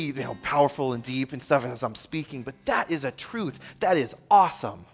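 A man in his thirties preaching a sermon from a church stage. He tells a family story with earnest, excitable energy and laughter. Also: fairly high pitch, fairly quick, hardly any pauses.

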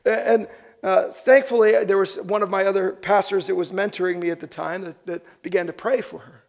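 High-voiced man preaching a lively sermon. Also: brisk, gravelly. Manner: animated, acts out quoted voices. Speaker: pastor.

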